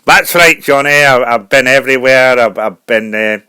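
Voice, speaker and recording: A man's voice: medium pitch, normal speed, pushed and bright, smooth, no echo, pitched below the performer's own voice, lightly acted. A man voicing a chubby, shy Scottish folk singer with a Scottish accent, who rambles hesitantly in a comedy radio sketch. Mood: bashful. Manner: hesitant, rambling, bursts into jolly song.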